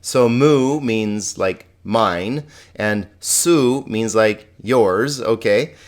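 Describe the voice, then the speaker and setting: Friendly man teaching a grammar lesson. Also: lowish voice. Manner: friendly, repeats forms slowly, asks students questions. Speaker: Greek teacher.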